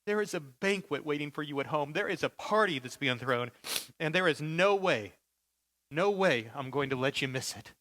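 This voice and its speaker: A man's voice: on the high side, animated, moderate pace, background noise, natural voice. A man voicing an older father who weeps with joy, tender and insistent as he welcomes his daughter. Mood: overjoyed. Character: older father, overjoyed and weeping.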